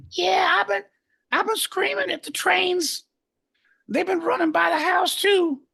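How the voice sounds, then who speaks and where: A man voicing a rowdy male party guy who phones in, hoarse from screaming and shouting every line. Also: very high-pitched, steady tone, takes it slowly, heavily acted. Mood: hyped. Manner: shouting, hyped, raspy.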